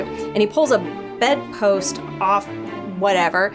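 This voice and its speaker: A woman's voice: medium pitch, a little slow, over loud music. A woman casually recapping and nitpicking a TV episode, chatty and exasperated, laughing now and then. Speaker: show reviewer.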